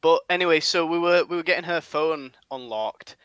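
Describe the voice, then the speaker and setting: A young man from England rambles through a funny anecdote on a podcast, laughing at his own story as he goes. His voice is bright and a little tense and sits fairly high, and the recording is dry and close. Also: normal speed, smooth, no echo. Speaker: podcast host. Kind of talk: casual chat.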